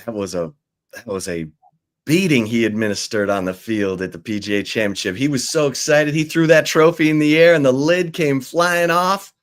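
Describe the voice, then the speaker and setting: A man's voice: medium pitch, normal speed. A man co-hosting a live sports talk show, chatting in a dry, easygoing, teasing way. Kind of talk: casual sports chat.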